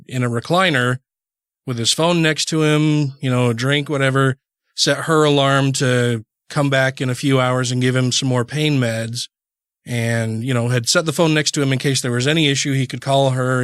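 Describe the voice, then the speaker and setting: A man's voice: medium pitch, fairly even intonation, moderate pace, a bit bright, smooth, dry recording, clean studio sound. A man co-hosting a podcast, telling a long story casually, full of restarts and "you know"s. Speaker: podcast co-host.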